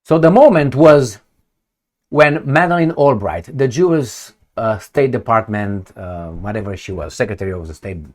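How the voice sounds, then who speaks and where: A man's voice: fairly low pitch, expressive, moderate pace. A man giving a sarcastic, profane political rant from indoors at home. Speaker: political commentator. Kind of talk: ranting political commentary.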